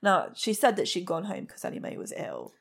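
A woman hosting a true crime podcast, telling the case step by step with blunt, plain-spoken asides. Her voice carries a gravelly, creaky edge, and she sits in the middle of the pitch range for a woman. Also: huge pitch swings, fairly quick. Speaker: podcast host.

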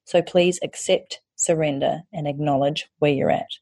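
A woman with a low, husky voice talks through her advice in a casual podcast monologue. Her tone is mellow and warm, and she speaks candidly with the odd swear word. The sound is close and dry, with no room around it. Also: steady tone, normal speed, dry recording. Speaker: podcast host and online course creator.

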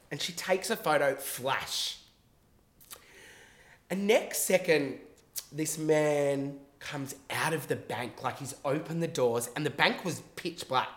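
A bright-toned man tells a story in a loose, animated way, swearing freely and acting out what people said. The recording has a roomy echo, like an untreated room. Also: on the high side. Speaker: guest telling a story. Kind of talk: casual storytelling on a podcast.

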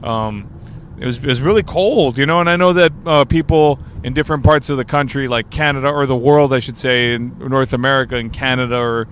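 A man's voice: medium pitch, brisk, a bit bright, a little hiss or hum. A man in his thirties from Texas hosting his podcast, rambling through a casual solo monologue with joking asides while driving, talking into a portable recorder. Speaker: podcast host. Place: in a driving car. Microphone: portable recorder with mic.

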